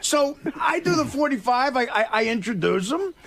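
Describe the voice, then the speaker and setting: A comedian on the show who tells chatty anecdotes and laughs often. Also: male voice, extremely high pitch, lively intonation, normal speed, background noise.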